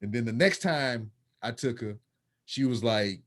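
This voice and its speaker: A man hosting a podcast, telling stories in casual, profane, animated chat. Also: mid-range voice, a little slow. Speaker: podcast host.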